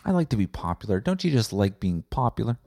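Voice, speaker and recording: A young Canadian man hosting a comedic solo podcast, rambling and swearing with deadpan asides. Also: on the low side, fast talker, creaky, no room sound, studio quality. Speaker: podcast host.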